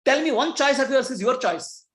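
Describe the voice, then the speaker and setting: A man's voice: extremely high pitch, expressive, normal speed, fairly bright tone. A man giving a spiritual teaching talk, asking his listeners rhetorical questions and chuckling between points. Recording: echoey room.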